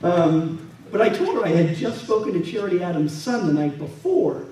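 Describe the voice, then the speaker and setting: Higher-voiced man telling stories, echoey room. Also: animated, moderate pace, mellow. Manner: storytelling, acts out quoted people. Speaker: guest speaker and military historian. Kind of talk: anecdotal presentation with slides. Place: museum event space. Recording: echoey room from a distant mic.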